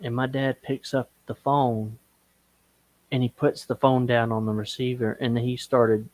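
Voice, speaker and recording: Slow guy telling a personal story, steady mid voice, no room echo. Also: medium pitch. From Okeechobee, Florida. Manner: slow, emotional storytelling, breaks into singing gospel and country songs. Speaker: guest. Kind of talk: casual storytelling on a live stream.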